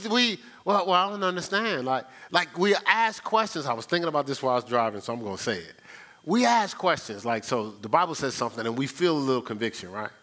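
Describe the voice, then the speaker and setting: A man preaching in a loose, conversational sermon, tossing rhetorical questions to the room. His voice is fairly high and bright and swings widely in pitch. He keeps circling back to the same points, repeating them for emphasis. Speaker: pastor.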